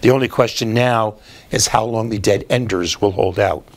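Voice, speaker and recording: A man's voice: lowish voice, moderate pace. Male host, political commentary; sardonic, explains patiently, drops in "uh" fillers.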